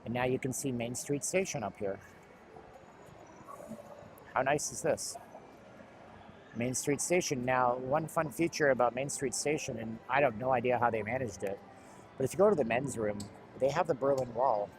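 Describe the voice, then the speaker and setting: A man's voice: mid-range voice, normal speed, pauses often, background noise. A middle-aged man giving chatty, rambling live commentary while walking indoors, with jokey asides. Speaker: livestream host.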